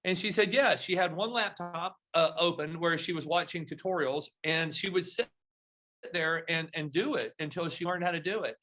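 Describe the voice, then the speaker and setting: Middle-aged guy on a podcast, bright voice, a bit high, tells stories and acts out the lines. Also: normal speed. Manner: storytelling, animated when acting out dialogue. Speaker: guest. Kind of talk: podcast interview.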